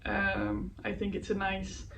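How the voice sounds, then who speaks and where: Unhurried woman knitting podcaster, searching for words. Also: medium pitch, very animated. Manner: hesitant, searching for words, many fillers; laughs softly at herself. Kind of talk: casual show-and-tell chat. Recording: faint background noise, voice a bit distant from the mic.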